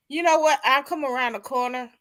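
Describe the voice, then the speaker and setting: A woman's voice: high-pitched, fairly bright tone. A woman chatting casually on a livestream, playful, laughing often and acting out what people said. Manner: playful, laughs a lot, acts out quotes.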